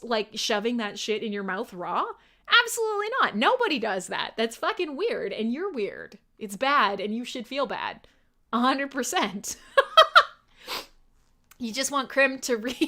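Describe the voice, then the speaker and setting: A woman's voice: on the high side, sharp tone. A young adult woman hosting a live metal radio show, chatting irreverently with listeners, swearing and laughing often.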